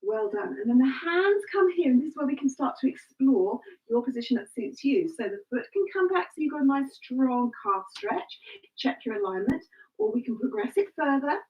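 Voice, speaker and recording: A woman's voice: high-pitched, big pitch swings, normal speed. A woman coaching a live exercise session, encouraging and cueing breaths and counts. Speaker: fitness instructor. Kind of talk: live exercise class instruction. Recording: distant, dull lo-fi live stream.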